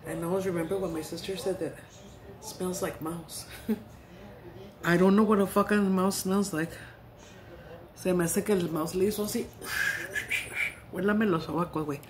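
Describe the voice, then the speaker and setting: A woman's voice: lowish voice, steady tone, moderate pace, long pauses, crowd noise. A middle-aged woman vlogger chatting casually while eating, telling stories in a salty, profane, giggly way.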